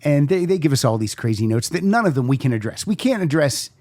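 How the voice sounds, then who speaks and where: A male podcast host spinning casual anecdotes and acting out each person in them. His voice sits a little high and leaps around with expression. The sound is dry and close to the mic. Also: very animated, quick pace, darkish tone, dry recording. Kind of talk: casual storytelling chat.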